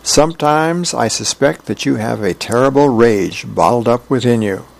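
A man's voice: mid-range voice, normal speed, creaky, natural voice. Lucy, a man doing a bossy little girl. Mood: lecturing. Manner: bossy, lecturing.

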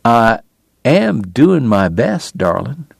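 A man voicing a dying gentleman who speaks softly and wearily to his lover. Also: mid-range voice, sing-song, slow, gravelly, breathy edge, no echo, exaggerated voice. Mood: tender. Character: dying gentle Southern gentleman, weary and tender.

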